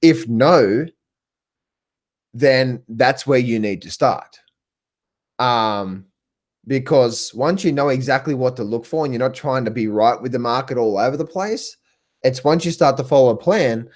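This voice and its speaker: An Australian man hosting a live stream as a trading coach. He is eager and repeats himself a lot, laughing and breaking off to answer viewers by name. His voice sits at an ordinary middle pitch for a man. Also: a little slow. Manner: excitable, repetitive, laughs often, chats with viewers by name.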